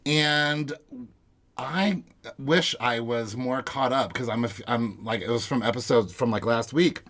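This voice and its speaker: A man's voice: mid-range voice, measured pace, a bit bright. A man co-hosting a podcast in a small closet studio at home, chatting casually and rambling with frequent restarts. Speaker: podcast co-host. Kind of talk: casual recap chat.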